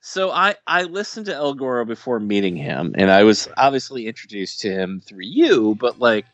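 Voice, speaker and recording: A man's voice: medium pitch, very animated, moderate pace, no echo, highs cut off. A man co-hosting a podcast in casual chat, rambling and self-deprecating, with lots of restarts. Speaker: podcast co-host. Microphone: podcast microphone.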